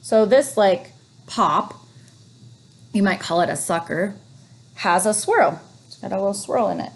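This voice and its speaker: A woman teacher leading a phonics lesson for young children, reading words slowly and encouragingly. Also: medium pitch, animated, gravelly. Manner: slow, encouraging, drawn-out reading.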